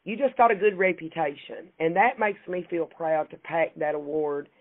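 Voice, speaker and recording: A woman's voice: sits low, animated, moderate pace. A woman with a Kentucky accent, a guest chatting in a folksy, laughing way about her work. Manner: warm, folksy, laughs often. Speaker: insurance agency CEO, guest. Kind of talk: casual interview chat. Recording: tinny phone-like call audio.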